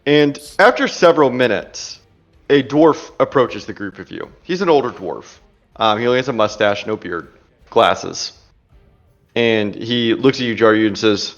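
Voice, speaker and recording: A man's voice: medium pitch, lively intonation, muffled recording, faint music behind. Casual male game master narrating. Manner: casual, fast descriptive narration with fillers.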